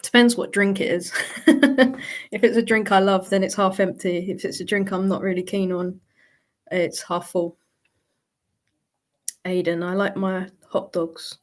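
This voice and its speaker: A woman's voice: medium pitch, fairly even intonation, a little slow, pauses often. A woman hosting a casual live Q&A, chatty and laughing often as she reads out viewer questions. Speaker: livestream host answering viewer questions.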